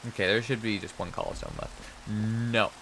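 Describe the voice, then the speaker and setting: A man's voice: lowish voice, lively intonation, moderate pace, creaky, a bit bright, slight background noise, rough recording. A man streaming a game, muttering to himself and trading mock-outraged jokes with his chat. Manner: mutters to himself while playing. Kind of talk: casual live game stream talk.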